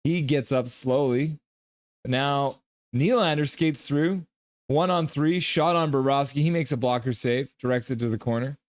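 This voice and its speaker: A man hosting a live reaction stream, calling the hockey game play-by-play in a brisk manner, with bursts of loud cheering. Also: medium pitch, no room sound.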